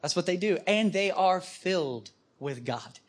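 A man preaching to a live audience, telling stories with animated emphasis. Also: high voice, unhurried. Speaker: guest preacher. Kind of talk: storytelling sermon.

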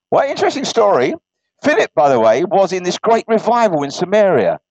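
A man's voice: high voice, moderate pace, no room sound. A man preaching informally, telling a joke and then reading scripture in a chatty, self-correcting way. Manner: animated, chatty storyteller who stumbles and corrects himself. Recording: dull lo-fi recording.

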